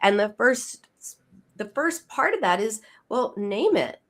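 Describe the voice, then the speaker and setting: A woman psychoanalyst explaining her method as an interview guest, emphatic and quick to repeat and restart words. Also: a little high, big pitch swings.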